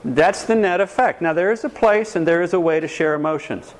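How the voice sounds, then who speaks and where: Animated male counselor quizzing his audience. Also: a little high, brisk. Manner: animated, acts out quoted voices, quizzes the audience. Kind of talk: lecture to an audience.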